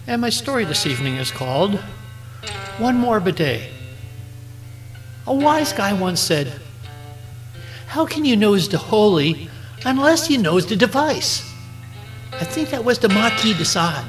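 A man's voice: high-pitched, poor audio. A man reading a comic story in a jokey, put-on accent. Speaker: story contributor.

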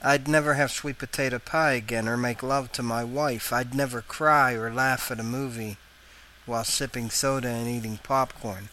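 A man narrating a first-person story in a reflective, measured way. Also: medium pitch, fairly even intonation, sharp tone, slight background noise, poor audio. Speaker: story reader.

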